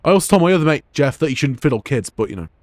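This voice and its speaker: A man's voice: a little high, very animated, very fast, no echo, studio quality. A man, streaming a game and rambling crude jokes at home. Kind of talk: gameplay live stream commentary.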